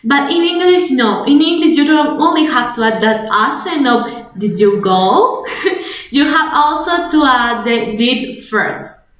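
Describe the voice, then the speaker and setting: A woman's voice: high voice, lively intonation, measured pace, a bit bright, roomy sound. A young woman with a Spanish accent, a native Spanish speaker teaching an English grammar webinar, explaining step by step with restarts. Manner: explanatory, repeats and restarts, code-switches to Spanish.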